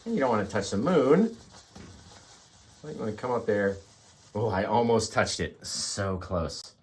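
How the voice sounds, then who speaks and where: A man's voice: fairly low pitch, expressive, measured pace. A man hosting a live painting tutorial, chatting and encouraging viewers as he works. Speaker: painting instructor.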